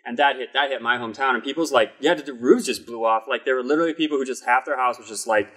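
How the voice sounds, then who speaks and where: A man's voice: mid-range voice, fast, slightly rough. A man from Iowa with a Midwestern accent, co-hosting a casual podcast chat and telling stories with jokes. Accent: Midwestern American. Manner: joking, animated storyteller. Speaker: podcast co-host.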